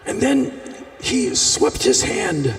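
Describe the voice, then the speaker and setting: A man performing a live storytelling monologue on a festival stage, animated, with bursts of shouting. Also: high-pitched, takes it slowly, gravelly. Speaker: spoken-word performer. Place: large outdoor festival stage. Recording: echoey stage sound from a distance.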